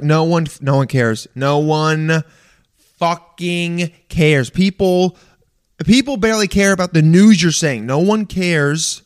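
A man delivering an animated, profane rant in a casual monologue, stammering and restarting often. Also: a little high, takes it slowly, clear, resonant tone. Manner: profane, exasperated, animated ranting.

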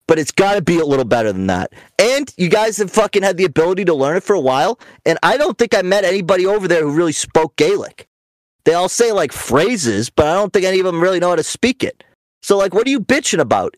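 A man's voice: high-pitched, dry recording. A young adult man hosting a podcast in casual chat, a profane, rambling storyteller who mocks and rants. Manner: mocking, ranting. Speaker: podcast host.

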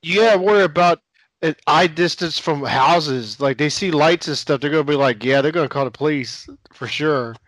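A man's voice: a little high, moderate pace, fairly bright tone, no echo, low-quality recording. A man in a casual chat who chimes in with mocking remarks and laughs at the others.

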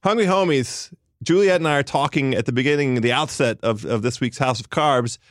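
A man's voice: medium pitch, fairly quick, dry recording, clean studio sound. A man hosting a food podcast, talking in a hammy, playful way and bantering with his co-host. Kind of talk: casual food podcast chat.

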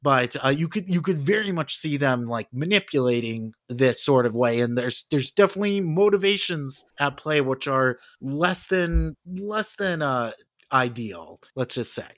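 A male podcast host talks casually and loosely, pausing on "uh" as he works through his points. His voice is at a medium pitch, and it is recorded dry and close. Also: animated, a bit bright, no room sound. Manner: conversational, many fillers and restarts.

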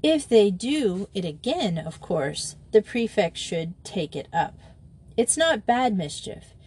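A brisk, decided young headmistress, as a woman reads her lines, kindly but firm with her pupils. Her speech is crisp and sure of itself in a storybook voice. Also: medium pitch, sing-song, darkish tone, heavily acted.

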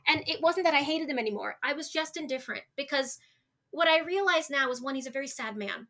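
A young woman in her twenties with a bright, ringing voice pitched a little high. She talks as a podcast guest, open and candid. She often stops and restarts her sentences as she speaks. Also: animated, fast. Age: 20s. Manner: open and emotional, frequent restarts. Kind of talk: candid conversational interview.

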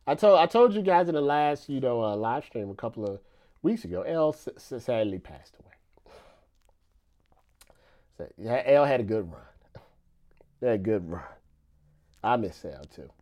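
A man's voice: fairly low pitch, a little mellow. A man chatting casually on his live stream, loose and conversational, repeating himself and leaning on "you know.".

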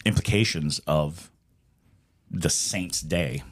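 A man co-hosting a casual chat, joking and filling pauses with ums and uhs. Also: sits low, breathy edge. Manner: joking, animated, trails off with fillers. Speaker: podcast co-host.

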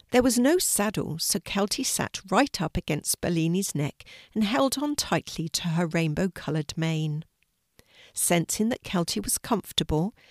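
An older woman reading a children's story aloud in a gentle storytelling manner. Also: lowish voice, no room sound, clean studio sound.

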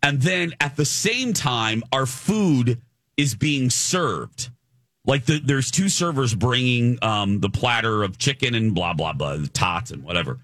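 Male podcast co-host, chatty storyteller, lively pitch, dry booth sound. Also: measured pace, no room sound. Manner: animated, acts out quoted voices. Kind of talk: casual storytelling chat.

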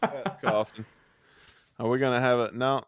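A man's voice: mid-range voice, fairly even intonation, moderate pace. A man hosting a podcast in casual chat, joking and laughing easily. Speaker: podcast host.

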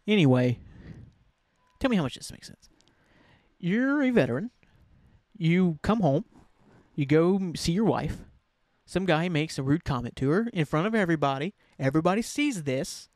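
A fairly high-voiced man talking straight into a close mic in a dry, deadened space. He hosts his podcast alone, rambling and correcting himself mid-thought, full of excitement. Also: no echo. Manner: rambling, enthusiastic, self-correcting. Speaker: podcast host. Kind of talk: casual solo podcast chat.

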